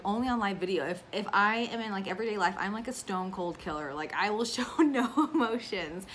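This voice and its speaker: Woman, 30s, crafting vlogger. Casual and talkative, tears up easily, mid-pitched voice, slight background noise. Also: a bit bright. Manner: chatty and emotional, with frequent fillers. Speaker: cross-stitch vlogger. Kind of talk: casual chat to camera.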